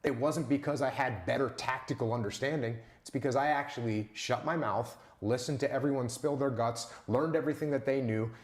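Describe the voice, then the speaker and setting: A man holds forth as an interview guest, hitting his points with punchy repetition and rhetorical questions. His voice sits at a mid pitch and carries a roomy echo around it. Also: brisk, few pauses. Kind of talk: emphatic interview storytelling.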